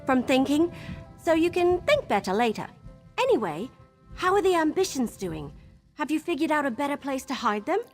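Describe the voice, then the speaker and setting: A woman's voice: high-pitched, sing-song, normal speed, soft background music. An actress voicing a cheerful, chatty young female elf ally who talks in a bubbly, earnest way. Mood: chipper.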